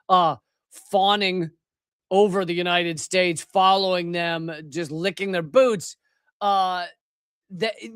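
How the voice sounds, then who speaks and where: High-voiced sarcastic male commentator. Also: fairly bright tone, no echo, clean studio sound. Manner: sarcastic, profane ranting; rambling with restarts. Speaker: host. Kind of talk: live political commentary.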